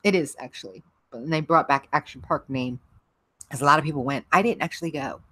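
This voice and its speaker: A woman's voice: deep voice, quick pace, sharp tone, no room sound. A middle-aged woman hosting a livestream, chatting casually with viewers, rambling and laughing often. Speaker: livestream host. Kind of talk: casual chat with live viewers.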